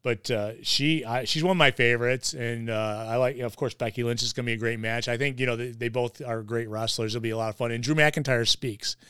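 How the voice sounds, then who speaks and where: A man's voice: medium pitch, fairly even intonation, a little fast, few pauses, fairly bright tone, clear, resonant tone, no echo, studio quality. A man hosting a casual wrestling podcast, rambling with lots of fillers and restarts. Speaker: podcast host.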